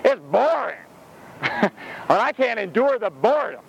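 A man preaching a sermon outdoors in a rhetorical, animated way, laughing between his points. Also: very high-pitched, unhurried, gravelly, muffled recording, a little hiss or hum.

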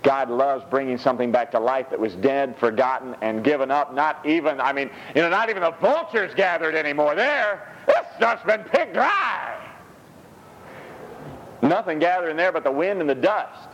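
Animated preacher man, lively pitch. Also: moderate pace, highs cut off. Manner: animated, rises high when reading scripture. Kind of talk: sermon.

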